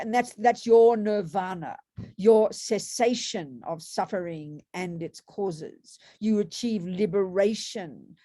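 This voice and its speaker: Lady teaching a buddhism class, warm low-key voice, keeps asking "haven't we?", dead dry mic. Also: no room sound. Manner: conversational, with rhetorical tag questions and restarts. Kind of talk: dharma talk to students.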